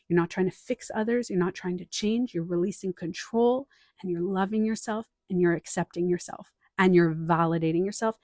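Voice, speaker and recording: A woman hosting a casual live stream as a life coach. She talks in an animated way, acts out other people's voices and repeats short phrases for emphasis. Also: on the low side, no echo, clean studio sound.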